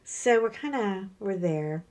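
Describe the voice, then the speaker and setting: A middle-aged woman, chatting casually about her day while she works on crafts, telling lively stories and acting out what people said. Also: medium pitch, slow pace. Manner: chatty storyteller, animated, acts out quoted voices. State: sore from a workout. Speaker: crafting vlogger.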